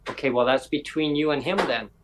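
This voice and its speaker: A man's voice: a little high, a little fast, background noise. Rambling chatty man telling a story. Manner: rambling anecdote teller with voiced quotes and self-corrections. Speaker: podcast host. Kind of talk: casual storytelling chat.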